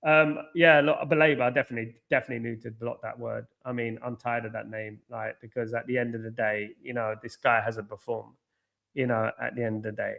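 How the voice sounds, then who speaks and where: A man hosting a live football watchalong, chatting to viewers by name and reacting excitably to each moment of play. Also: mid-range voice, fairly quick, creaky, lo-fi sound. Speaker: watchalong host.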